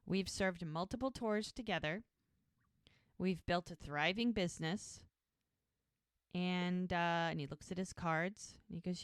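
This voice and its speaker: Smooth low-voiced woman retelling scenes. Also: unhurried, no echo, clean studio sound. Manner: lively storyteller who voices quoted lines. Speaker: podcast co-host recapping episodes. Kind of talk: casual chat, retelling scenes.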